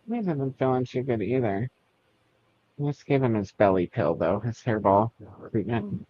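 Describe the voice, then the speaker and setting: A man co-hosting a casual book club livestream, playful and quick to laugh. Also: medium pitch, lively intonation, dull audio. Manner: playful, laughs often, slips into silly voices. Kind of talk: casual chat.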